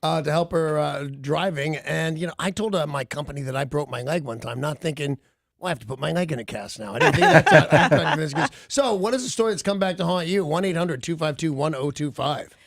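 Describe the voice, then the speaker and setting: High, gravelly-voiced male radio host. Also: expressive, a little fast, no echo, studio quality. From Los Angeles. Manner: jokey, rambling banter. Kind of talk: casual morning radio chat.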